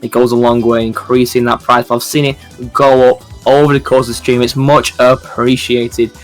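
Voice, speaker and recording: A man giving rapid play-by-play commentary on a fighting game match. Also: mid-range voice, faint music behind. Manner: rapid play-by-play, rising excitement. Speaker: esports commentator.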